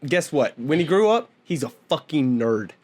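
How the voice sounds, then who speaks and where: Young man, slightly high voice, lively pitch, teasing banter, casual podcast. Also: moderate pace. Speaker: podcast co-host. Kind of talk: casual chat.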